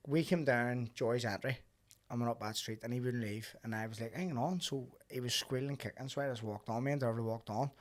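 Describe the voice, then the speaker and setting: Fast-talking Belfast man. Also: mid-range voice. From Northern Ireland. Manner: animated storyteller, swears freely, acts out quoted voices. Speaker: podcast host. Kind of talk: casual chat.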